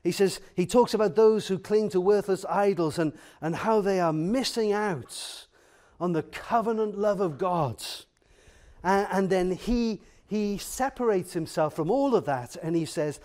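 Man, sermon, high voice, slow unhurried delivery, earnest and emphatic, lots of pauses and ums. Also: a little mellow. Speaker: preacher.

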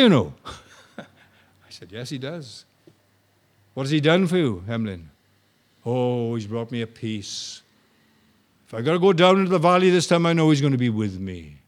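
An older man preaching a sermon, shifting between soft, slow storytelling and loud, rising appeals to the congregation. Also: medium pitch.

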